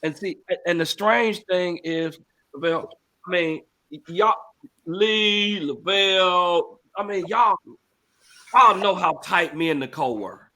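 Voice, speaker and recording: A man's voice: sits high, measured pace, sharp tone. A middle-aged man, a pastor hosting the show, talking earnestly and repeating phrases for emphasis. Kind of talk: emotional talk-show testimony.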